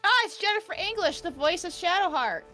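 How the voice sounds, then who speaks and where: A woman's voice: extremely high pitch, expressive, a little fast, sharp tone, faint music behind. A woman playing a video game with a friend on stream, polite and a little hesitant. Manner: polite, hesitant, brief replies. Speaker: streamer and co-op partner. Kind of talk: casual let's-play chat.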